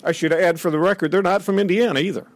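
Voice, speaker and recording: A man's voice: sits high, fairly even intonation, quick pace, no room sound. A middle-aged man giving an emphatic, indignant speech from a podium and acting out quotes. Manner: emphatic, indignant, dramatic quoting. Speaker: speaker at a podium. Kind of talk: public speech.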